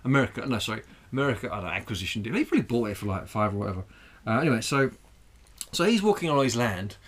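A man's voice: medium pitch, lively intonation, rapid-fire. A man co-hosting a comedy podcast over drinks, rambling and swearing a lot as he laughs at his own jokes. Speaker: podcast co-host. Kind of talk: casual, crude comedic chat over drinks.

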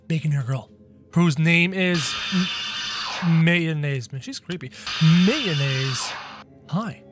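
A man with a high, bright, very animated voice comments on a game as he plays, joking and yelping at every scare. Faint music plays behind him. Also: slow pace. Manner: excitable, jokey, prone to yelps and shouts. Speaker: gaming channel host. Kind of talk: game commentary, playing in character.

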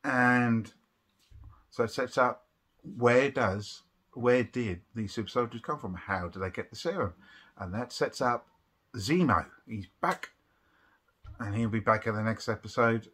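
Young male vlogger, slightly low voice, chatty and rambling review delivery. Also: a bit bright, husky. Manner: rambling, with restarts and fillers. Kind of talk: casual spoken review.

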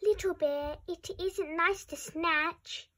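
A woman voicing a patient, weary father bear in a storybook reading, in a high, gentle, coaxing voice. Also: fairly even intonation, takes it slowly, exaggerated voice.

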